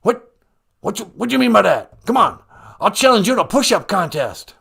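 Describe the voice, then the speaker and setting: A man's voice: mid-range voice, sing-song, normal speed, vocal fry, a bit bright, husky, exaggerated voice. A man putting on the voice of a rambling, whispering elderly male president in a whispered role-play.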